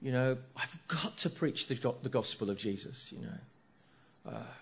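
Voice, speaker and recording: Earnest middle-aged preacher. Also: male voice, mid-range voice, lively intonation, a little slow, gravelly, fairly bright tone, breathy edge. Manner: earnest, asks rhetorical tag questions, repeats key phrases. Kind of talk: sermon.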